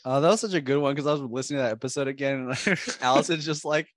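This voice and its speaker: A man's voice: mid-range voice, rapid-fire, no room sound, studio quality. A man co-hosting a podcast in casual chat, making joking asides. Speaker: podcast co-host.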